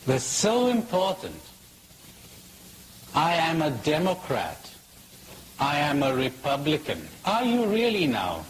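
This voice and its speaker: A man giving a spiritual talk, asking slow reflective questions and telling jokes. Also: on the high side, huge pitch swings, echoey room, in a large hall, rough recording. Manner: storytelling with jokes, laughs at own punchlines. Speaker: spiritual teacher. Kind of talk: recorded public talk. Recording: faint hiss, 1980s talk recording.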